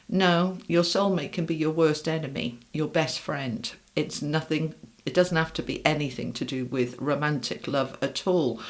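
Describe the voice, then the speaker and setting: A middle-aged woman with a fairly low voice gives a casual, chatty tarot reading to her viewers. She is upbeat and speaks straight to them as she works through the cards. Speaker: tarot reader.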